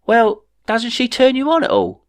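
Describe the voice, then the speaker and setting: A man's voice: extremely high pitch, huge pitch swings, normal speed, pitched above the performer's own voice, full character voice. A man voicing a cheeky, optimistic man who talks in an upbeat, teasing way in a storybook reading.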